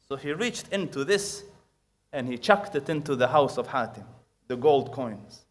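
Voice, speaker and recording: A man giving an Islamic lecture, telling a story with Arabic verses recited quickly, rising loud for emphasis and dropping soft for quoted prayers. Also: on the high side.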